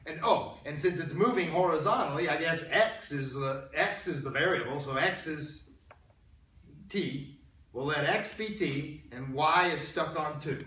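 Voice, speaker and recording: A man's voice: fairly high pitch, measured pace, sharp tone. Male math lecturer, conversational, repeats himself, quizzes the class; distant mic in a reverberant classroom. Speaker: math instructor. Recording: roomy, distant classroom recording with faint noise.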